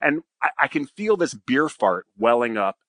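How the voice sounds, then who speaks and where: A man, a former fighter pilot and podcast guest, telling a long casual anecdote in an animated, profane way and often tagging lines with "right?". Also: mid-range voice, moderate pace, shouting.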